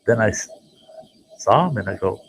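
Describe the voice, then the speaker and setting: A man telling a folksy, animated story as the host of his own show, jumping into voices for the people he quotes. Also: lowish voice, moderate pace, a little hiss or hum, low-quality recording. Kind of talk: casual spoken storytelling.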